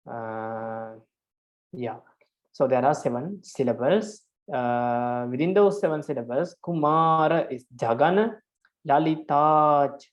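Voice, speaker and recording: A man's voice: mid-range voice, darkish tone. A man, a Buddhist monk, patiently teaching a class on verse meters and counting syllables aloud, with frequent hesitations. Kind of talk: online class lecture.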